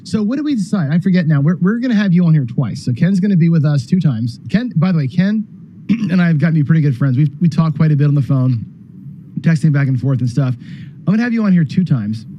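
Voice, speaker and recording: A man hosting a live gambling charity stream, rambling casually and clearing his throat as he talks. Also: a little high, animated, fast talker, slight background noise. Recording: dull, dry lo-fi stream audio.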